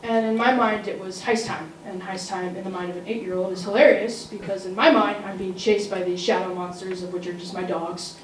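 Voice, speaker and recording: A woman's voice: mid-range voice, fairly even intonation, fairly quick, hardly any pauses. A teenage girl telling a funny personal story at a live school story slam, with comic asides to the audience. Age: teens. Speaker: student storyteller. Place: school auditorium. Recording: roomy, distant mic, faint noise.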